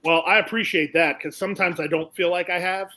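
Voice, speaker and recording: In a casual interview, a young South Florida man who works as a racetrack announcer tells stories with lots of animation, acting out the people in them. His voice sits high and he talks briskly, though the audio quality is poor.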